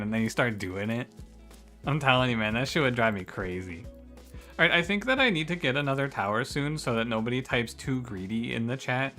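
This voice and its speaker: Bright-voiced man streaming a game. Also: medium pitch, lively intonation, brisk. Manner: chatty, swears freely, laughs while talking to chat. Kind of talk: casual live-stream chat. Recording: faint music behind the voice.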